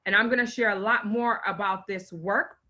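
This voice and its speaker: A woman's voice: medium pitch, steady tone, moderate pace, bright, forceful tone, dull audio. A woman hosting a live online show, effusive and exclaiming, close to tears as she unboxes gifts and introduces her guest. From Haitian parents. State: on the verge of tears. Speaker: host.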